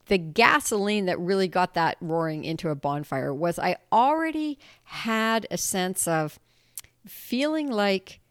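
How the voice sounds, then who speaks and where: A woman with a mid-range voice hosts her own podcast, recorded with clean studio sound and no echo. In a casual solo monologue she talks candidly and animatedly, laughing often and swearing now and then.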